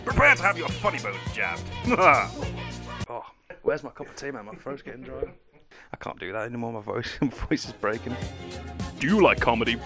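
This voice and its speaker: A man's voice: mid-range voice, pitched above the performer's own voice, natural voice. A man putting on an exaggerated, hammy announcer voice for a homemade comedy night promo. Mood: posh, joking. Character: over-the-top male comedy night announcer. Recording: music bed behind.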